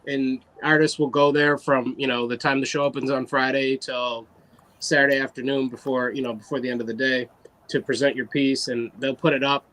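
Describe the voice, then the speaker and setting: A man casually telling an animated story about his art, full of fillers and quoted asides. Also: mid-range voice, a little fast, low-quality recording. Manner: animated, loose anecdote with fillers. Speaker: guest artist.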